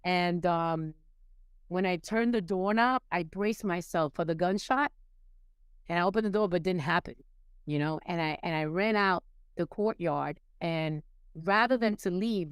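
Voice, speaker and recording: A fairly low-pitched, clean-toned voice at normal speed belongs to a woman from New York City guesting on a podcast. She tells her personal recovery story candidly and emotionally, with many restarts and repetitions. The recording is dry.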